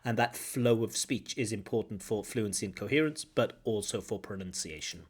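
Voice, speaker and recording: A man's voice: lowish voice, normal speed, slightly rough. Male examiner modeling intonation. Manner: explains, repeats phrases to model intonation. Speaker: IELTS examiner giving feedback. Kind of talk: teaching commentary.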